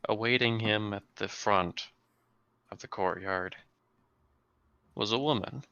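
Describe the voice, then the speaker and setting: Deep gravelly-voiced man narrating a tabletop game. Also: takes it slowly, pushed and bright, no echo, highs cut off. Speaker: game master. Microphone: desk mic on a live stream.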